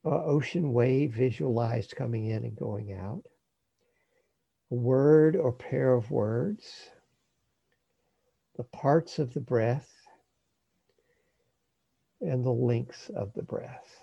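A man calmly teaching breath meditation, speaking in a slow, measured way that trails off softly at the ends of phrases. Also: mid-range voice, creaky, husky, dry recording, lo-fi sound. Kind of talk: guided meditation instruction.

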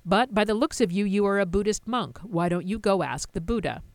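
A woman's voice: medium pitch, lively intonation, fairly quick, no room sound, close to an everyday voice. A woman voicing a boastful male creator god who keeps repeating his titles. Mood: confiding.

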